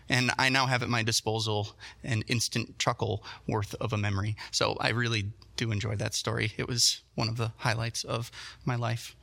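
Bright-voiced animated male preacher. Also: mid-range voice, creaky. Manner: animated storytelling, self-deprecating asides. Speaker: pastor. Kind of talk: sermon.

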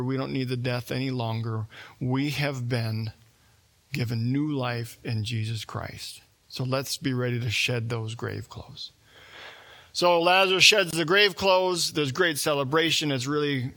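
A man's voice: medium pitch, a bit bright. A man preaching a sermon in a conversational storytelling way, acting out the voices of the people in the story. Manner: conversational, acts out quoted voices.

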